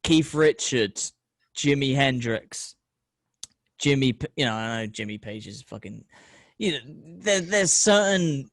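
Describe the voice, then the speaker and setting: A middle-aged man hosting a loose, casual talk. He rambles through stories, swears freely and jumps into animated voices. The recording is dry and close. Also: medium pitch, no echo. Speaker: podcast host. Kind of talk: casual chat.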